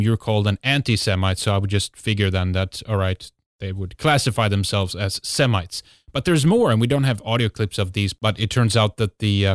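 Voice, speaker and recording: A man's voice: on the low side, dry recording, studio quality. A man hosting a show, delivering an emphatic monologue full of rhetorical questions and fillers. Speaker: host. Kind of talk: monologue intro to a talk show.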